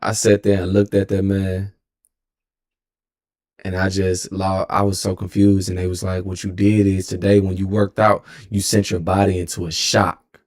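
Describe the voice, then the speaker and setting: A man's voice: deep voice, monotone, moderate pace, darkish tone. A young man in his twenties with a Texan accent, telling a story as a streamer in a rambling, profane way and often correcting himself. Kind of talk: casual storytelling.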